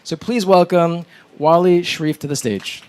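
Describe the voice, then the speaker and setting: A man from New York, an event emcee introducing the next speaker on stage with animated storytelling. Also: on the high side, moderate pace, slight background noise. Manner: animated storytelling, mimics phone calls.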